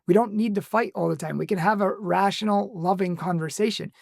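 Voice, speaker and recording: A man's voice: high voice, a little fast, creaky, no echo, studio quality. A man from a Catholic ministry casually recounting a phone call, with small laughs and quoted lines. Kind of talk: casual storytelling to camera.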